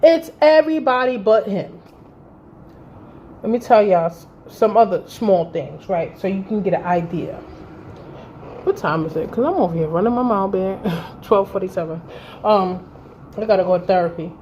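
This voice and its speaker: A woman's voice: mid-range voice, expressive, moderate pace. A woman in her thirties telling a personal story in a blunt, profane, exasperated way to her vlog audience. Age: 30s. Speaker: vlogger. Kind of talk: candid storytime vent. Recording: dull lo-fi recording with faint noise.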